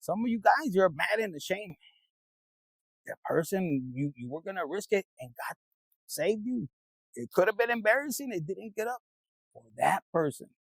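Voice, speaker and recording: A man with a high, gravelly voice rambles through a casual tarot reading in a dry, close sound, cursing freely and talking straight to his viewers in a loose, streetwise way. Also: sing-song, normal speed, dry recording, low-quality recording. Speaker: tarot reader.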